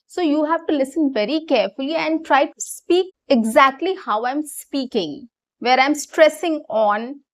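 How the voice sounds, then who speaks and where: A young woman, an English communication coach, explaining a practice technique, often checking in with "right?" and "okay". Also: high-pitched. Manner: explanatory, repeats key phrases with frequent "right?" and "okay". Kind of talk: online English lesson.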